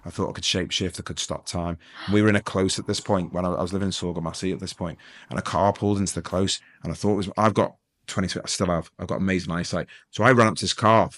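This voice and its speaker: Fast-talking deep-voiced man telling his story. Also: steady tone, fairly bright tone. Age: middle-aged. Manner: rambling, self-interrupting, joking. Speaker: guest. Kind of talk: storytelling interview.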